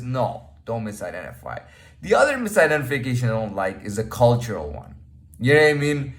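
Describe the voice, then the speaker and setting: A man talks to camera in a loose, rambling monologue at an ordinary middle pitch. He keeps restarting his sentences and checking in with "you know what I mean", and now and then he sinks into a quiet mutter. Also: very animated, fairly quick. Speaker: vlogger.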